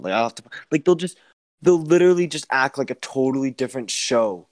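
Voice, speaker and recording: A young man hosting a podcast, chatting casually and getting excitable, swearing often and shouting when worked up. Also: medium pitch, fast talker, no echo. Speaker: podcast host. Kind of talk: casual chat.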